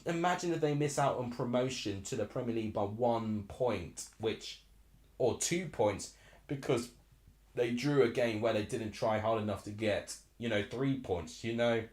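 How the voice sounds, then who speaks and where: A young Essex man in his twenties hosts a live football watchalong, chatting in a rambling way and reacting aloud to the match. His mid-range voice has a darkish tone and moderate pace, and the sound is reverberant.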